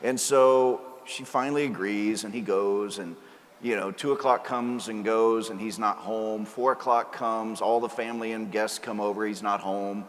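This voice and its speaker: A man's voice: fairly low pitch, steady tone, moderate pace. A male priest giving a sermon, telling a joke story and then preaching earnestly. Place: large cathedral. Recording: cathedral reverb, faint ambience.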